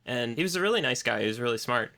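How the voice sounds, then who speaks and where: A man co-hosts a podcast in relaxed conversation. His voice is bright and has some push to it, and he drops dry, wry remarks at a middle pitch. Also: rapid-fire, gravelly. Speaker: podcast co-host. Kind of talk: casual chat.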